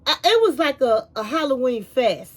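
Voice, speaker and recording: A woman hosting a casual reality TV recap, telling the story in a chatty, animated way with asides like "honey". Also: sits high, normal speed.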